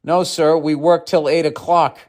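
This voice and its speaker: A man's voice: on the high side, flat delivery, measured pace, a little mellow, voice pushed up, natural voice. A man putting on a drawling Southern carpenter. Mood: folksy. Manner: drawling, folksy storyteller. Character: folksy older Southern male carpenter boss.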